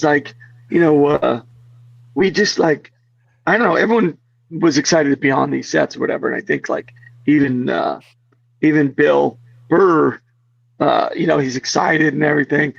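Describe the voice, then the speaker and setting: A man's voice: fairly high pitch, gravelly, husky, no room sound. A man being interviewed as a guest, telling restless, rambling stories in casual chat with lots of fillers. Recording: dull, lo-fi, dry sound.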